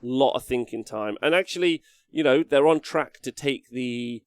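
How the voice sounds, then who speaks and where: A man's voice: mid-range voice, normal speed. A man commentating a live tabletop wargame match in a casual, chatty way with plenty of fillers.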